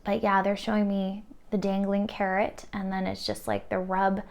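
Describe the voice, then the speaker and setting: A woman giving an intuitive pick-a-card tarot reading, soft and earnest, with many "like" fillers. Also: medium pitch, completely flat delivery, moderate pace, vocal fry. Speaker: tarot reader.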